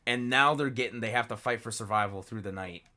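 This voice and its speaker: A man co-hosting a podcast in relaxed casual chat, full of fillers. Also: lowish voice, fairly quick. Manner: relaxed, filler-heavy talk. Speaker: podcast co-host.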